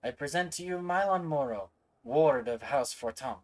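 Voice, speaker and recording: A man's voice: on the high side, animated, moderate pace, pitched above the performer's own voice, lightly acted. A man voicing a courteous young male noble, reading game lines politely and formally. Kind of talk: reading game dialogue aloud with voices.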